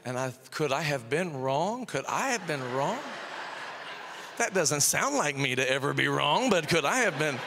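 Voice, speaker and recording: A middle-aged man preaching as senior pastor, telling a story and acting out both sides of a conversation. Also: a little high. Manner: animated, repeats phrases, acts out both sides of a dialogue. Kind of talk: sermon with storytelling. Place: church sanctuary. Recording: long reverb of a church hall. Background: long hall reverb.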